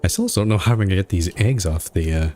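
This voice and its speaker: A man streams a role-playing game as a let's play, reading its dialogue and narration aloud and dropping dry remarks between lines. His low, dark-toned voice is fast with lively intonation. Faint music plays behind him, along with slight background noise.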